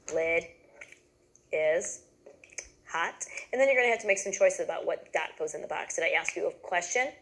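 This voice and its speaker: A woman's voice: fairly low pitch, gravelly, rough recording. A woman giving a patient, step-by-step lesson to teachers, checking in often with "okay?". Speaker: teacher trainer.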